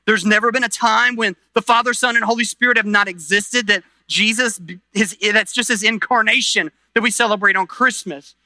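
A middle-aged man preaching a sermon as pastor, earnest, swinging between loud emphasis and quiet intensity, often restarting phrases. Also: sits high, fairly even intonation, moderate pace, few pauses, no echo.

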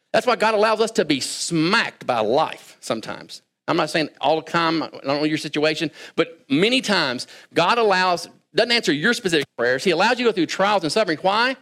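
A man preaching a sermon, talking conversationally and swinging between quiet asides and raised, emphatic lines. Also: a little high. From Kentucky. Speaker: pastor.

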